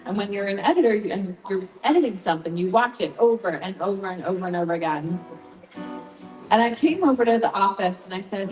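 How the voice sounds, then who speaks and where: A woman singer-songwriter telling a lively story between songs at a live gig, acting out what people said. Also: medium pitch, a little fast. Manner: chatty, animated storytelling with acted-out quotes. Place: brewery venue, indoors. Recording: roomy live sound with long reverb. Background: guitar.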